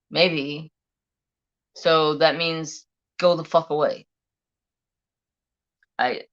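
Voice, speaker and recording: A man hosts a live craft stream in a bright, forward voice, chatting bluntly and swearing freely. The talk is loose and chatty. The audio is dull and lo-fi. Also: on the high side. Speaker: craft livestream host. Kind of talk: casual live-stream chat.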